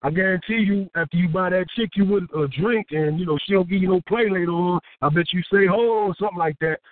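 A man from Houston, a rapper, telling a story in a casual interview, profane and animated, acting out what people said. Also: high voice, quick pace, dry recording. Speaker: rapper and guest. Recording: tinny phone-like dry sound.

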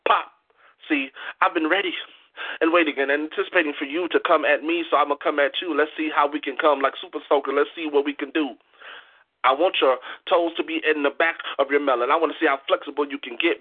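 A man performing boastful spoken-word erotic poetry in a rhyming swagger. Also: fairly high pitch. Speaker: guest poet. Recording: tinny phone line.

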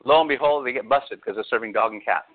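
A middle-aged man preaching a sermon as pastor, telling stories with animated, sarcastic asides. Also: mid-range voice, fast talker. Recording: tinny phone-like radio sound.

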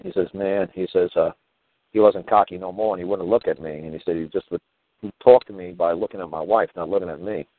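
Deep-voiced man cursing through a phone line. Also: fast, dry recording. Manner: profane, fills talk with "you know" and "man". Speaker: show host. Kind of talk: casual rambling storytelling. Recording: tinny phone-line sound.

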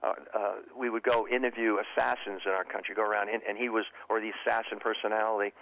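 Man, former FBI profiler, interview guest, halting, repeats words, muffled lo-fi sound. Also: lowish voice, level tone, creaky, fairly bright tone. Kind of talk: casual interview talk.

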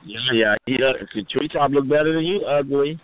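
A man hosting a call-in show, trading crude taunts and repeating insults loudly. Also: mid-range voice, moderate pace, slight background noise. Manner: loud, taunting, repetitive insults. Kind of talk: crude trash-talking call-in banter. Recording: phone-like lo-fi line, dry.

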